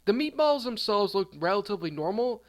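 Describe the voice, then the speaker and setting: A man's voice: high voice, fairly quick. A man telling an absurd comedic storytime in a rambling, offhand way. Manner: rambling, deadpan absurd, trailing off. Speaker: storyteller, channel host.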